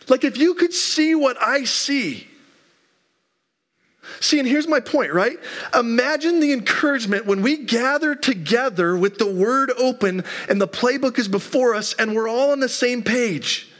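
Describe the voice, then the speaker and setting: A man's voice: high voice, a bit bright. A man in his thirties, a pastor preaching a sermon in a church, telling stories in a conversational way with rhetorical questions. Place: church sanctuary.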